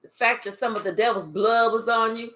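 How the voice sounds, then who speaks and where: A tarot reader talks a little fast in a slightly high, somewhat bright voice, giving a casual, cursing card reading straight to the viewer. She's emphatic throughout and whispers asides to spirit.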